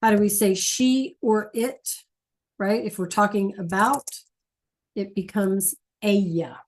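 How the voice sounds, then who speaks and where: A woman's voice: medium pitch, steady tone, a little mellow. A woman teaching a language class, patiently explaining and checking in with her students often. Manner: repeats key points slowly. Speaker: Spanish teacher. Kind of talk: classroom lesson.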